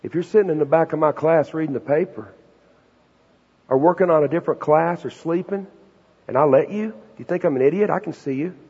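A middle-aged man preaches in a high, husky voice, telling folksy stories with emphatic punchlines. His sermon rings with long reverb through a large hall, and the recording sounds dull and muffled. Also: fairly quick. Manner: folksy, emphatic storyteller who builds to loud punchlines. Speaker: preacher and Bible professor.

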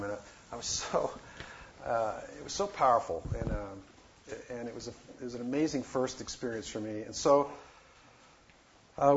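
A man telling a personal missionary story in a casual, halting way, with many fillers and restarts. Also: medium pitch. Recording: dull lo-fi recording with faint noise.

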